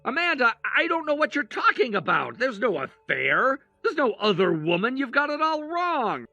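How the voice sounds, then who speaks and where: A man as a defensive husband in a text story, bright high voice that jumps around. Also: big pitch swings, normal speed, gravelly, no room sound, muffled recording, soft background music, full character voice. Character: defensive husband denying an affair. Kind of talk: text-message story read aloud.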